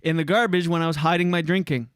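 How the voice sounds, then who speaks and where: A man's voice: on the high side, steady tone, fast, clear, resonant tone, no echo, studio quality. A man co-hosting a podcast, arguing in casual chat, blunt and sarcastic, talking over his partner. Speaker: podcast co-host.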